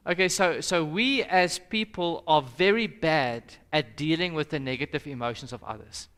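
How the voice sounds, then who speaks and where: A man's voice: a little high, normal speed, fairly bright tone, clean tone. A young South African man, a pastor, leading an interactive Sabbath school lesson and putting questions to the audience in a conversational way. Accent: South African English.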